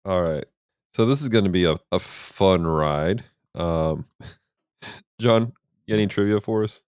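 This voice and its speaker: A man hosting a casual podcast, laughing often and tossing in quick asides. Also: sits low, animated, darkish tone, clear, resonant tone, no room sound, studio quality. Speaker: podcast host.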